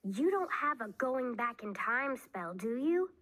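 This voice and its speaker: Lady putting on a loud excitable little girl voice, squeaky and all over the place, storybook read-aloud. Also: measured pace, heavily acted. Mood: lively.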